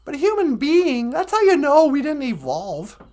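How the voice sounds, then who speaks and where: A woman's voice: high voice, big pitch swings, normal speed, darkish tone. A woman hosting a live-stream podcast, chatting casually in a meandering way with playful asides. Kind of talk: casual rambling chat.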